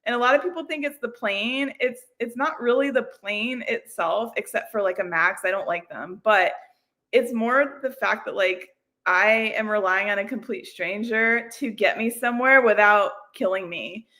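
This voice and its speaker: Hosting a laid-back livestream, this woman rambles on, laughs a lot and makes self-deprecating jokes. Her voice is fairly high, bright and forceful, and she speaks at a normal speed.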